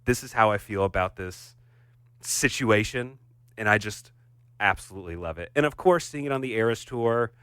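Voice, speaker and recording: Man, podcast co-host, enthusiastic, bright smooth voice, dry close sound. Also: fairly low pitch, normal speed, no room sound. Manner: enthusiastic, gushing. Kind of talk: casual podcast chat.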